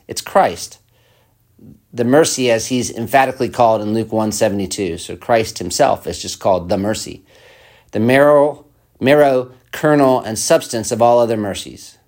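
A man's voice: on the low side, darkish tone. A man preaching a sermon, reading an old text aloud and then explaining it in plain words, with hesitant restarts.

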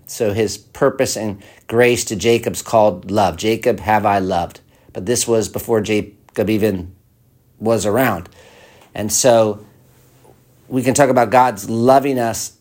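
A man preaching a sermon, reading an old text aloud and then explaining it in plain words, with hesitant restarts. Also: fairly low pitch.

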